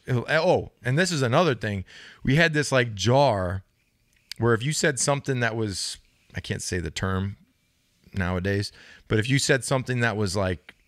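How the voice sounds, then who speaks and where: A man in his thirties, a podcast co-host and former linebacker, telling stories in a loose, profane, animated way, a little hoarse. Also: lowish voice, no echo, studio quality. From United States. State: slightly hoarse, says he can't speak well. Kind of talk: casual storytelling chat.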